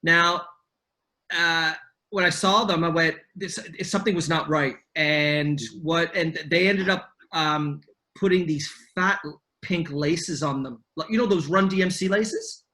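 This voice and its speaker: A man's voice: on the high side, unhurried, bright, forceful tone. A middle-aged man chatting casually as a podcast guest on a video call, rambling through a story with many fillers and restarts. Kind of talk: casual chat.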